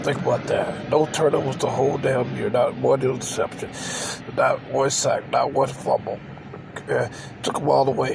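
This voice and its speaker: A man's voice: medium pitch, steady tone, moderate pace, creaky, over music. A man hosting his own channel, ranting emotionally about football, emphatic and repetitive, tagging "man" onto his sentences. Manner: openly emotional, says he cries on camera. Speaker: channel host. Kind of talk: ranting football reaction vlog.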